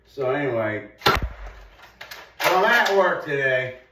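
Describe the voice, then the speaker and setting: Slow, profane man, echoey and distant. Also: mid-range voice, very animated, noisy background. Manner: profane, rambling, laughs at himself. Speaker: vlogger. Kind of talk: crude comic monologue. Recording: roomy echo, far from the mic.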